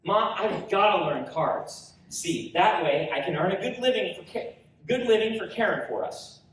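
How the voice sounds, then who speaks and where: A man's voice: high voice, expressive, moderate pace, fairly bright tone, recorded from a distance, slight background noise, voice pushed up. A man voicing a scrappy, mischievous eleven-year-old boy with a joking, slangy drawl, read aloud at a convention panel. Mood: earnest. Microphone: audience recorder in front row. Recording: roomy hall recorded from audience.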